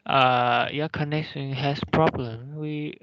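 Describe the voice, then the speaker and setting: A man's voice: medium pitch, fairly even intonation, slow pace, creaky, no echo, lo-fi sound. A man speaking up as a student on a video call, polite and hesitant. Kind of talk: casual classroom remark.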